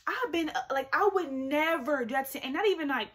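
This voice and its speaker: A young woman vlogger telling a story in an animated, chatty way, full of "like" fillers. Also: sits high, a little fast. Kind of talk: storytime vlog.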